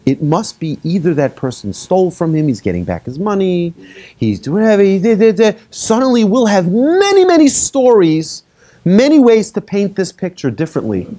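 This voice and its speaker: A rabbi giving a lively talk to an audience, telling made-up stories and asking the listeners questions. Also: male voice, high voice, normal speed. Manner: animated, asks the audience questions, tells hypothetical stories. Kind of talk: lively lecture to a live audience.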